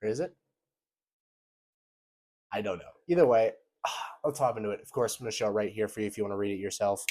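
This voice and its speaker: Young male host, low-ish voice, sarcastic and animated reaction commentary. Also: fairly quick. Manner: sarcastic, animated, mocks quoted messages in exaggerated voices.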